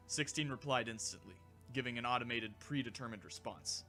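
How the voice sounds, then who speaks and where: A man narrating a fan audiobook in a steady, even storytelling manner. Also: mid-range voice, fairly quick, creaky, few pauses, faint music behind.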